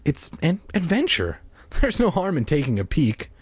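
A man's voice: huge pitch swings, moderate pace, husky, no echo, full character voice. A man putting on a nervous, wistful young girl. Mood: uneasy. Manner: high-pitched, pleading.

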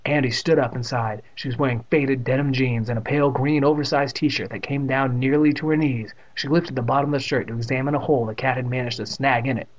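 A man's voice: mid-range voice, steady tone, fast, few pauses, lo-fi sound. A man reading a storybook aloud in a casual manner, adding offhand asides. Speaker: reader. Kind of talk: storybook narration.

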